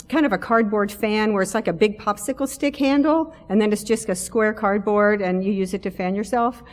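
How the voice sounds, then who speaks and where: A middle-aged woman preaches from the pulpit in an easy, conversational way, joking at her own expense. Her voice sits at a middle pitch. The church's long reverb trails behind each phrase. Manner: warm self-deprecating humor, conversational. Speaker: lay preacher. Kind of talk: sermon. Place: church sanctuary.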